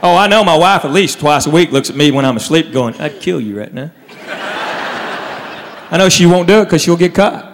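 A man doing a stand-up comedy set, telling stories with animated delivery and quiet low asides. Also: fast talker, few pauses. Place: stage in a large hall. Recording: live hall, faint crowd. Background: faint audience and room noise.

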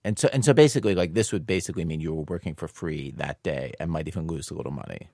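Deep-voiced male interviewer. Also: lively intonation, rapid-fire, warm tone, dry recording, clean studio sound. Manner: curious follow-up questions. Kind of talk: conversational interview.

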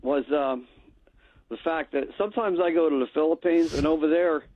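A man's voice: a little high, no echo. Male caller on a tinny phone line. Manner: halting, with restarts. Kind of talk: phone call-in.

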